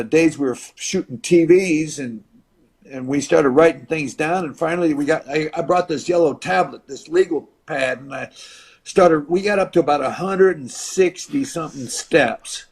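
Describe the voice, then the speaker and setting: An older man recounts an old match as a podcast guest, his voice sitting slightly high. He acts out the other people in the tale, dropping to a hush and then bursting out loud. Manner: acts out voices of others in his stories, dramatic shifts in loudness. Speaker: podcast guest, retired wrestler. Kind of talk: animated storytelling.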